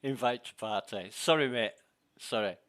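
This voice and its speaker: A man leads a group of friends through a game over voice chat. His voice is bright and forward, and his talk is friendly and loose, with easy laughs and quick apologies. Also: mid-range voice. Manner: chatty, friendly, laughs easily. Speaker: gaming streamer leading a group. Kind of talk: casual gaming chat over voice call.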